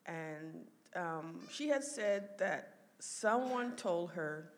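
A woman's voice: lowish voice, extremely slow. A woman telling a family story in casual conversation, laughing often and voicing the people she quotes. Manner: animated, laughs often, quotes others in raised voice.

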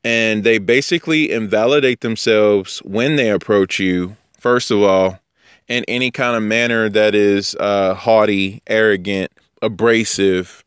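A man's voice: lowish voice, fairly even intonation, measured pace, clean tone, no room sound, clean studio sound. A man giving an informal, digressive Bible teaching in a conversational way, sometimes acting out what other people would say. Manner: conversational, digressive, acts out quoted speakers.

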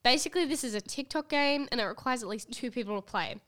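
A woman's voice: a little high, fast talker, fairly bright tone. A young adult woman co-hosting a podcast, reacting to stories and explaining a game casually. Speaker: podcast co-host. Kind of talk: casual chat.

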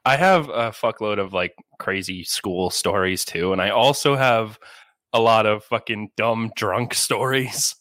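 A man's voice: on the low side, unhurried, a bit bright, dry recording. A young man co-hosting a podcast, profane and giggly as he tells stories. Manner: giggly, profane, breaks into laughter. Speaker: podcast co-host. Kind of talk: casual chat, storytelling.

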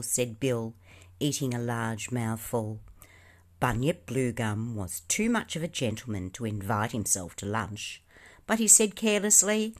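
A woman reading a storybook aloud with expressive, lively narration. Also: extremely low pitch, measured pace. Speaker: reader.

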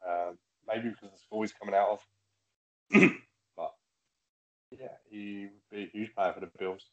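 Low-voiced tipsy man, teasing. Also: steady tone, normal speed, darkish tone, lo-fi sound. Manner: joking, teasing. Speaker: podcast co-host. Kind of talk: casual sports chat.

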